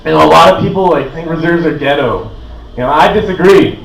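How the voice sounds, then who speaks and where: A man's voice: on the high side, a little fast, creaky. Young man, Canadian, stand-up comic, rambling casual delivery, echoey stage sound. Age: 20s. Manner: laid-back and rambling, full of "like" and "uh". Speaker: stand-up comedian. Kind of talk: stand-up comedy set. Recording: roomy echo, voice from a distance.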